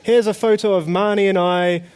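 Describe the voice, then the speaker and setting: Casting: playful male tech-conference host on stage, slightly higher voice, handheld mic. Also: steady tone, moderate pace, a little mellow, clear, resonant tone. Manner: jokey, playful, banters with audience. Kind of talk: comedic live stage presentation.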